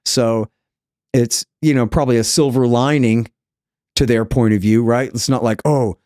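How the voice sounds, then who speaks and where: A man from the United States, a podcast guest, talking in an animated way and acting out the people he quotes. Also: mid-range voice, normal speed, dry recording, studio quality. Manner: animated storyteller, acts out quoted voices. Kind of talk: conversational interview.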